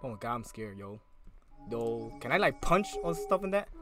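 A man's voice: mid-range voice, sing-song, moderate pace. Jumpy young man playing a horror game. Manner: casual slangy chatter, jumpy and easily spooked. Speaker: gaming YouTuber. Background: loud eerie game music.

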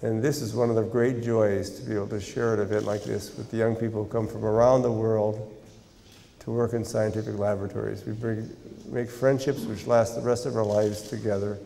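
An older American man lectures in a large university hall, his voice gravelly and mellow. He speaks in a measured, deliberate way and slips in dry humor. The long reverb of the hall trails behind every phrase. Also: fairly low pitch, a little hiss or hum. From United States. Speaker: guest lecturer, scientist.

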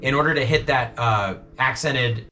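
A man's voice: medium pitch, loud music behind the voice. Casual male drum teacher. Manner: casual, checks in with frequent "okay?"; counts beats and sticking slowly aloud. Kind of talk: instructional walkthrough.

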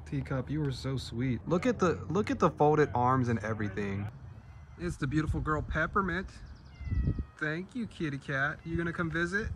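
A man's voice: on the high side, expressive, normal speed, background noise. A man hosting a casual walking vlog outdoors in a neighborhood, talking affectionately to cats. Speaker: vlog host.

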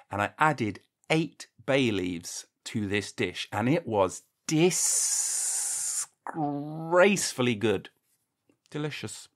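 A man hosting a podcast in a casual comedic monologue, rambling and jokey, swearing freely and acting mock-indignant. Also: mid-range voice. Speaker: podcast host.

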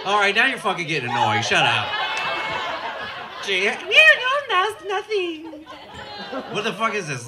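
A stand-up comic works the room at a bar show, teasing the audience with brash, profane banter. His voice sits high and swings around a lot. The live recording carries a loud crowd and heavy background noise. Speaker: stand-up comedian.

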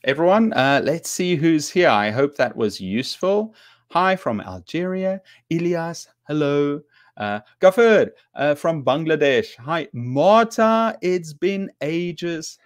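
A man teaching English grammar on a live stream, reading example sentences aloud slowly and patiently and greeting viewers by name. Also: on the low side.

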